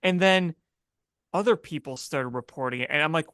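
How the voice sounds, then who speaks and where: Sports podcast co-host, casual chat, animated, incredulous, dry close mic. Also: medium pitch, normal speed, clean tone, dry recording.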